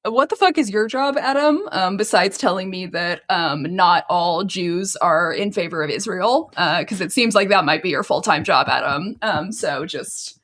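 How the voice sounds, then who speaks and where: A woman's voice: on the low side, normal speed, few pauses, fairly bright tone. A woman co-hosting a podcast, ranting in a sarcastic, profane, laughing manner. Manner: sarcastic, swearing, laughing rants. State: waiting for an edible to kick in. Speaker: podcast co-host. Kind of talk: casual podcast banter.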